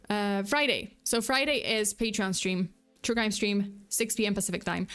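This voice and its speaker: A woman's voice: medium pitch, clean tone. A woman streaming as a VTuber, chatting casually with her viewers in a rambling way with many restarts. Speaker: VTuber true crime streamer. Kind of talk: casual livestream chat.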